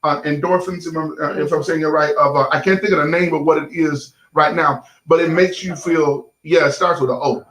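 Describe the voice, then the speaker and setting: A middle-aged man with a fairly high voice talks like a pastor chatting with his congregation. He says y'all to the camera, stumbles through fillers and keeps it loose and folksy. The room around him rings with echo. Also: steady tone, brisk, hardly any pauses, a bit bright. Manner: folksy, addresses the audience as y'all, lots of fillers. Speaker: pastor and show host. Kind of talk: casual sermon-like talk to viewers.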